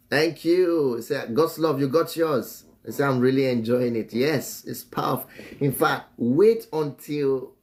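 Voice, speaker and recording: A man's voice: medium pitch, slow pace, pauses often, darkish tone. A man teaching about marriage on a live stream in a preachy way. He repeats phrases and chuckles often between remarks. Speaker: relationship teacher and author.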